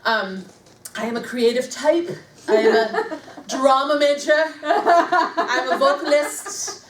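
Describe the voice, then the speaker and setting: A high-pitched woman speaks to a live audience as a motivational speaker, poking fun at herself and laughing often. The sound is roomy and echoey, picked up from a distance, with a faint hum of background noise. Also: lively intonation, slow pace. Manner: self-deprecating and humorous, laughing often. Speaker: motivational speaker at a business leadership meeting. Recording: echoey room, mic far off, faint noise.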